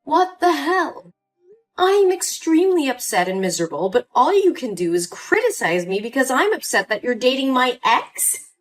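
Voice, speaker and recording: A woman's voice: on the high side, sing-song, moderate pace, few pauses, soft background music. Woman voicing a hurt young daughter. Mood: upset. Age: young adult. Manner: pleading and indignant. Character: hurt young adult daughter, pleading and upset. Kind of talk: scripted story voice acting.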